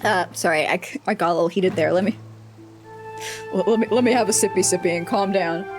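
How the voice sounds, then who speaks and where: A woman streaming herself playing a video game, commenting casually and excitedly, joking and swearing freely. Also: fairly low pitch, fast, music in the background.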